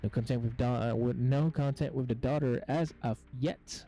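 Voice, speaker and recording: A man's voice: mid-range voice, fairly even intonation, normal speed, mellow, rough recording. A man hosting gameplay commentary, reading on-screen game text aloud and stumbling over words as he goes. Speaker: gaming channel host.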